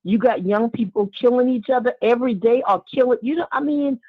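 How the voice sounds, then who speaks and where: A woman calling in to a radio show, speaking heartfelt and casual, with warm asides and repeated words. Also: a little high, brisk, no echo. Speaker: caller. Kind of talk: casual call-in talk. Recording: tinny phone line.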